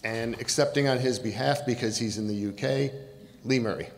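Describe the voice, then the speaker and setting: A man giving a prepared award presentation in a measured, formal way. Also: mid-range voice, long reverb tail, very noisy.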